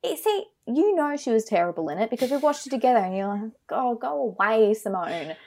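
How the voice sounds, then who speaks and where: A woman's voice: fairly high pitch, sing-song, fast talker, warm tone. An Australian woman co-hosting a podcast, giving blunt, emphatic opinions in a casual film chat. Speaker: podcast co-host.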